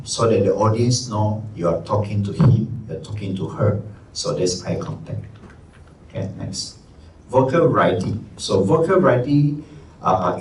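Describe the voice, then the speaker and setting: A man with a Malaysian English accent teaching a live workshop, energetic and conversational, stressing key words. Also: fairly low pitch. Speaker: trainer. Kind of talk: live presentation skills workshop. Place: training room. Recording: echoey room, distant mic, faint room noise.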